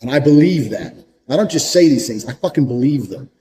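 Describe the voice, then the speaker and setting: A man's voice: mid-range voice, expressive, brisk, warm tone, rough recording. A man giving a blunt, profane motivational monologue, hammering points home through repetition. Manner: repeats points for emphasis. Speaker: motivational speaker.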